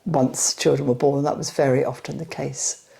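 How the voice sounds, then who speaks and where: An older woman from West London, speaking in an interview with a softened London accent, rounded vowels and a chatty manner that breaks into laughs. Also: extremely low pitch, little pitch movement, moderate pace, vocal fry. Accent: London English softened by elocution lessons. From West London, England. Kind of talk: casual interview talk.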